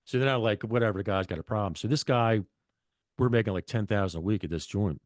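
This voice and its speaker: Middle-aged male guest, low voice, dry close sound, blunt and profane storyteller. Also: fast, dry recording. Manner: blunt, profane, rambling with restarts. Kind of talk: casual storytelling.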